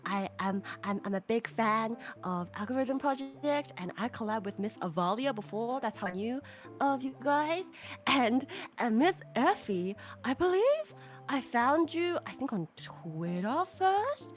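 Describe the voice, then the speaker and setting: Giggly high-voiced woman streamer. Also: very animated, a little slow, soft background music. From Australia. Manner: giggly, flustered, flirty. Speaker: guest streamer. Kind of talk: playful casual chat.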